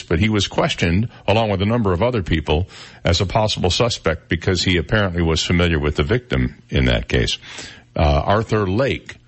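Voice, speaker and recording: A man's voice: deep voice, breathy edge. A man hosting a radio talk show, chatting and joking as he reads out news stories.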